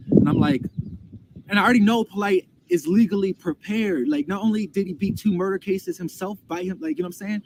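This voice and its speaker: A man's voice: high-pitched, fairly quick. A man telling a story casually, heated and profane, often repeating himself. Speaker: storyteller recounting a dispute. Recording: loud background noise.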